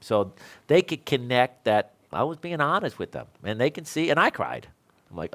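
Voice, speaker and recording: A man in his sixties who teaches electrical code chats casually with fellow instructors, rambling, poking fun at himself and laughing often. His medium-pitched voice is sing-song and a bit bright, at a moderate pace.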